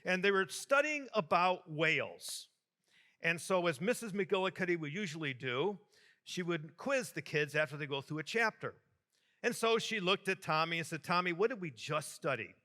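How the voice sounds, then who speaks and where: A bishop from Michigan preaches a homily to a large youth audience. He jokes and speaks with animated energy, turning to the crowd as he goes. His voice is bright and sits fairly high for a man. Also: moderate pace. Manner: jokey, animated storyteller addressing a crowd.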